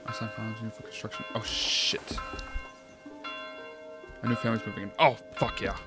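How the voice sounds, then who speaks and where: A man giving casual let's-play commentary, thinking aloud, swearing often and getting excited. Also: lowish voice, moderate pace. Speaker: gameplay streamer. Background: game music.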